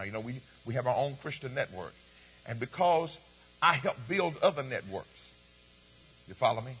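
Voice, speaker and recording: A man's voice: on the high side, a bit bright, slightly rough. A man preaching a sermon, reading scripture aloud and calling for responses from the congregation. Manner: preaching with call-and-response, repeats phrases, reads scripture aloud. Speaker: pastor. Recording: long hall reverb.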